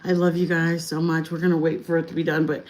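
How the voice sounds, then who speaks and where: A middle-aged woman hosting a casual home-kitchen live stream, chatting in a rambling, warm way with her viewers. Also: deep voice, flat delivery, fast, slight background noise, poor audio. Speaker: channel host. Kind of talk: casual chat while cooking, live stream.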